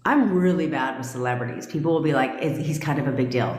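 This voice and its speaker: A woman's voice: very deep voice, a little mellow, reverberant, big-room sound. A woman coaching on manifestation in a casual live stream. She talks bluntly, swears freely, laughs often and answers viewers' comments. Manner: blunt, profane, quick to laugh. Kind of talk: casual livestream chat.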